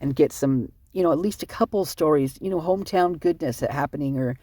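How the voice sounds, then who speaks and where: A vlogger reading out police reports and rambling in commentary, upset and short on sleep, talking fast and cutting themself off. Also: mid-range voice, dark tone, no room sound. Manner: fast, rambling, self-interrupting.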